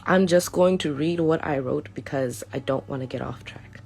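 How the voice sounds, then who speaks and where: A woman's voice: low voice, moderate pace, gravelly, darkish tone, soft background music. A young woman reading out a prepared statement to her followers, earnest and a little hesitant, often stopping to restart her sentences. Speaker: vlogger.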